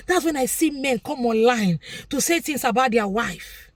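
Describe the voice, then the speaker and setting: Emphatic Nigerian woman, high lively voice. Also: moderate pace, no echo, clean studio sound. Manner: preachy, emphatic, repeats points for stress. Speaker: vlogger commentator. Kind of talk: opinionated commentary monologue.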